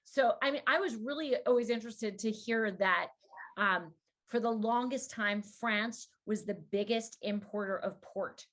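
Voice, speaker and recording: Frank, quick-talking woman hosting a podcast. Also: fairly high pitch, a bit bright. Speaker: podcast host. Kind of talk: casual interview chat.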